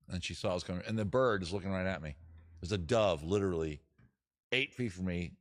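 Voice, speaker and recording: A man hosting a music livestream from home, chatting in a rambling, jokey, self-deprecating way. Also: low-pitched. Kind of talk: casual livestream chat.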